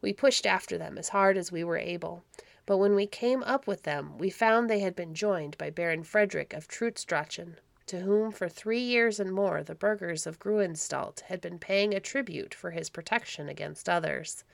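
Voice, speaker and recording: A woman reading aloud, voicing a wounded, vengeful medieval baron with a rough, vehement manner. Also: fairly low pitch, moderate pace, no echo. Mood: bitter.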